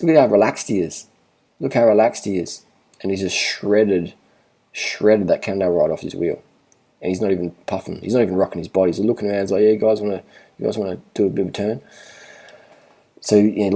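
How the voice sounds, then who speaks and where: A deep, dark, husky-voiced man talks over cycling footage. He is blunt and swears freely, and he hammers each point home by saying it again and again. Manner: blunt, profane, repeats himself for emphasis. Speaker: cycling vlogger. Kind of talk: casual commentary over race footage.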